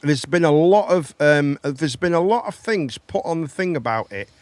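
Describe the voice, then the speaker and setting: A man hosting a live online chat show, rambling and animated, often laughing. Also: a little high, moderate pace, dry recording. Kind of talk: casual chat.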